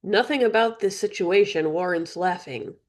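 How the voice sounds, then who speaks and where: Woman reading cold fey woman, dry, curt, low-key, slightly low voice. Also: moderate pace, close to an everyday voice. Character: cold, dry-witted fey woman who threatens intruders.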